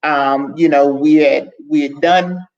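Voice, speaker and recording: A woman's voice: low voice, steady tone, slow pace, darkish tone. A woman who is a guest on a podcast, talking candidly and earnestly and often starting over in mid-sentence as she chats casually. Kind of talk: casual conversation. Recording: dull lo-fi sound.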